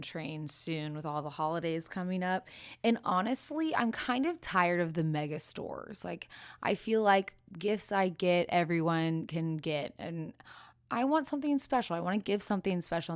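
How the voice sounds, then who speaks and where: A woman in her thirties hosting a podcast, chatting casually with frequent restarts and quick laughs. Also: on the low side, clean tone. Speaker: podcast host. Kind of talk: casual chat.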